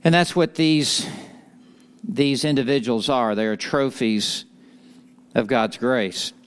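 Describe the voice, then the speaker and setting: A man praying and then teaching a morning men's Bible study, earnest and measured, with light joking asides. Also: medium pitch, clear, resonant tone. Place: live morning gathering with an audience.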